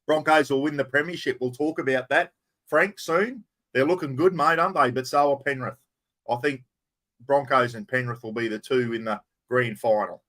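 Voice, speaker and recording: A man's voice: mid-range voice, normal speed, a bit bright. Chatty Australian man greeting viewers. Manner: chatty, greets viewers by name, swears casually. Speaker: livestream host. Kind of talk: casual live chat. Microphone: plugged-in microphone.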